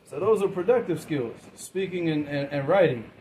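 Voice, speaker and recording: A man teaching a class, his voice a little higher than most men's. He keeps asking his students questions and waiting for their answers, and he talks informally, repeating and restarting words. Faint room noise hums behind him. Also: moderate pace, warm tone, low-quality recording.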